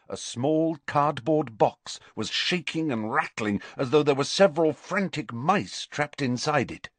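A man giving a deliberate scripted audiobook narration in an even storytelling manner. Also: mid-range voice, no room sound.

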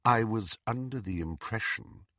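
Man doing a sly menacing professor, deep slow murmur, hushed, dry storybook read. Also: no room sound. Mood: coldly menacing. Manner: slow, quiet, low and silky.

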